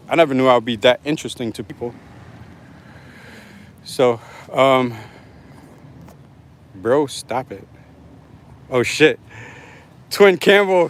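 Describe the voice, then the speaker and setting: A man's voice: medium pitch, expressive, slow pace, long pauses. A man hosting his own livestream in casual, rambling, slangy chat, reading out viewer comments as he talks into his phone. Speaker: livestream host.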